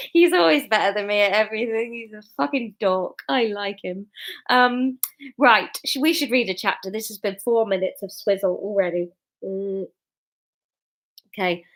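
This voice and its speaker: A woman's voice: medium pitch, fairly bright tone. Tipsy, chatty woman. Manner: chatty, rambling, giggly. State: a bit tipsy. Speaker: comedian and author reading her serial story. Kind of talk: casual livestream chat and story reading. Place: at home.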